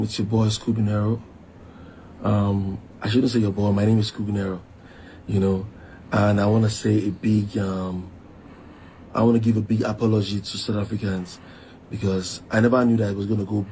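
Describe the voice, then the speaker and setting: A man's voice: lowish voice, level tone, moderate pace, warm tone, slight background noise. A man making an apology video, speaking hesitantly with many fillers.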